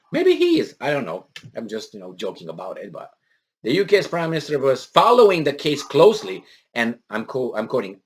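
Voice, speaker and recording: A man's voice: mid-range voice, a bit bright. Sarcastic man riffing on the news. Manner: sarcastic, mocking asides and put-on impressions; rambling with many fillers and restarts. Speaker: political commentary vlogger. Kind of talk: casual monologue reading and commenting on news.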